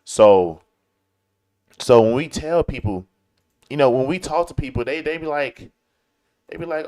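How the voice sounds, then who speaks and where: A man's voice: mid-range voice, expressive, unhurried, long pauses, dark tone. A man from Chicago talking in a casual, slangy commentary style, repeating points for emphasis. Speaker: commentary show host. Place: lives in Texas.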